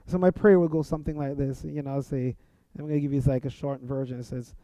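A man's voice: medium pitch, fairly even intonation, fast, mellow, no room sound. A man teaching a sermon-style lesson on prayer, earnest, acting out sample prayers as he goes. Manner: earnest, speaks example prayers aloud. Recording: dull, lo-fi sound.

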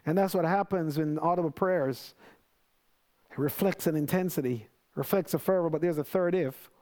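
A man preaching a sermon in an earnest, conversational way, with many restarts and lively quoted prayers. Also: fairly high pitch, moderate pace.

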